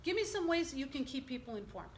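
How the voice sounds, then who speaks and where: A middle-aged woman giving an interactive workshop presentation, lively and quizzing her audience. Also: high-pitched, quick pace. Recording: echoey room, faint background noise.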